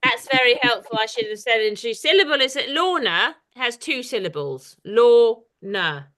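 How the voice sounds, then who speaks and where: A woman's voice: fairly high pitch, animated, normal speed, bright, forceful tone. A woman artist leading an informal poetry workshop over a video call, chatty and hesitant, with lots of ums. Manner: chatty, hesitant with many fillers.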